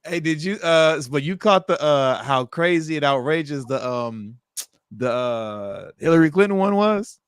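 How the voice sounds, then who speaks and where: A man's voice: on the high side, expressive, moderate pace, clean tone, no room sound, studio quality. A man co-hosting a livestream, chatting loosely with fillers and laughs. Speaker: stream co-host. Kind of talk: casual livestream chat.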